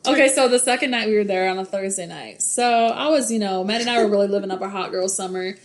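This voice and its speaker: A young woman guesting on a podcast, telling an animated story in casual chat and laughing often. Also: medium pitch, fast talker.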